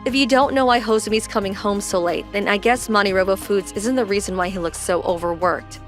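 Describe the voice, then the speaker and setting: A woman's voice: medium pitch, brisk, faint music behind, lightly acted. An actress voicing a worried, protective young wife who confronts her husband's boss insistently.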